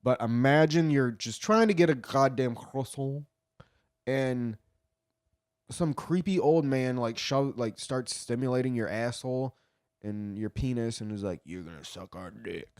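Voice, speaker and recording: A man's voice: mid-range voice, measured pace, a little mellow, clear, resonant tone. A man with a mid-range voice talks through a story in loose, casual commentary. He swears constantly and trips over himself with restarts. The sound is dry and close, with no room echo. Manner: profane, rambling, with frequent restarts.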